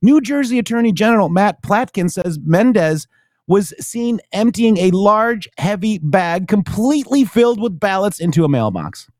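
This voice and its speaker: A man hosts a casual political talk show, his voice sitting somewhat high. He reads the news with animated swings, then sinks into low, mumbled thank-yous to viewers. The sound is close and dry, with no room around it. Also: moderate pace, no room sound. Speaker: show host.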